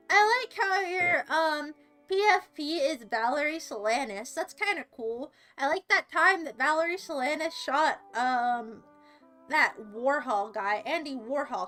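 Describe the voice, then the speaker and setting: High bright-voiced giggly woman streamer. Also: expressive, normal speed, faint music behind. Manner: theatrical, self-mocking, giggly. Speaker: livestreamer. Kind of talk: casual livestream chat reading comments while gaming. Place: seated at a computer.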